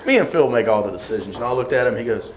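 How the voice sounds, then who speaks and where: A man, a singer telling lively anecdotes in an interview, acting out the voices of the people he quotes and laughing often. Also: medium pitch, racing, a little hiss or hum. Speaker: singer and bandleader. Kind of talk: animated storytelling in an interview.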